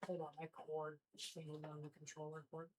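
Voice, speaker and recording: A woman's voice: deep voice, completely flat delivery, a little fast, heavy background noise. Young woman streamer, loose and rambling, lots of ums, chatting with viewers at home. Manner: chatty, rambling, many fillers, talks to chat while working. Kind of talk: casual live-stream chat.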